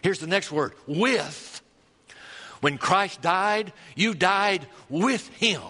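A man preaching a sermon, folksy and storytelling, drawing out key words slowly. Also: sits high, lively intonation, pushed and bright, husky. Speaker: pastor. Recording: long hall reverb.

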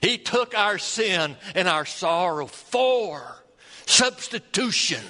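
A man preaching a sermon, folksy and storytelling, drawing out key words slowly. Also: high-pitched, expressive, bright, forceful tone. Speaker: pastor. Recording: long hall reverb.

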